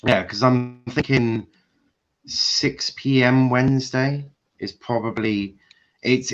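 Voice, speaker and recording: A football channel host runs a casual match reaction chat, talkative and swearing now and then, even mimicking frustrated shouting. His voice is on the low side, and the recording sounds muffled.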